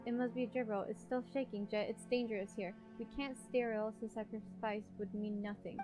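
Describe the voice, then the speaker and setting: A woman's voice: fairly high pitch, steady tone, brisk, lightly acted. A woman voicing a stubborn young woman who refuses to leave her missing father, speaking in a pleading way. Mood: desperate. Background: game soundtrack music.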